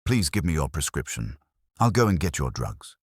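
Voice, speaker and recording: A kind young woman in a folktale who speaks gently and with care, done by a man raising his voice a little. The voice is husky and close, in a dry room. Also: extremely low pitch, sing-song, normal speed, no echo, full character voice. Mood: gentle. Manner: gentle, caring.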